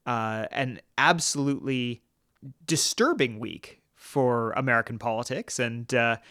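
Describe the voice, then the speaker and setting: Male podcast host, middle pitch, dry close sound, earnest and halting delivery. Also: pushed and bright, no echo. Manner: earnest, halting, many restarts and fillers. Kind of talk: political podcast commentary.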